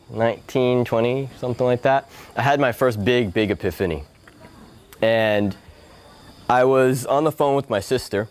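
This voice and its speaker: A man giving a spiritual talk, telling a personal story and acting out his family's voices. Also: medium pitch. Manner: animated, acts out family voices. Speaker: spiritual speaker. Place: yoga hall.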